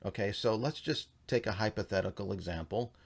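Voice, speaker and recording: A man with a somewhat low voice teaches religious history in a loose, conversational way. He rambles and piles on fillers. He slips into animated storytelling as he explains. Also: fairly quick, vocal fry. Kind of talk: casual teaching talk.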